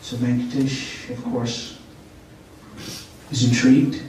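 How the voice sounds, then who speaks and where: A man's voice: medium pitch, completely flat delivery, slow pace, a little mellow, a little hiss or hum. A man telling a spiritual story to a gathering, checking in with his listeners as he goes. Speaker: speaker at a spiritual center. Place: meeting hall of a spiritual center. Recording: echoey hall, voice from far off.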